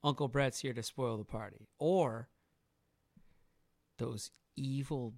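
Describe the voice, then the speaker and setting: A man in his thirties co-hosting a podcast, joking and animated in casual chat about parenting and movies. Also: medium pitch, moderate pace, no room sound. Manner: animated, joking, laughs often. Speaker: podcast co-host.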